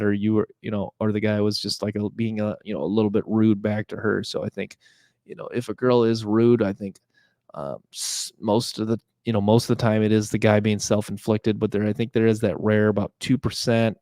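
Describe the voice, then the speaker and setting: Low flat-voiced young man rambling. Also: no room sound. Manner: rambling, full of fillers and restarts. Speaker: podcast host. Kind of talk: casual monologue.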